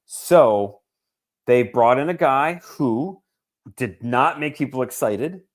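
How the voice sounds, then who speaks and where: A forty-something man in a casual podcast chat who gets worked up fast. He swears freely and throws in joking asides while he argues his point. His voice sits in an ordinary middle pitch. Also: expressive. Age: 40s. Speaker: podcast co-host.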